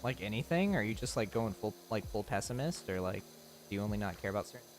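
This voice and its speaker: In a lowish, expressive voice and at a fast clip, a young man rambles through casual live-stream chat, joking and laughing often as he replies to viewers. A little hiss or hum sits under the audio.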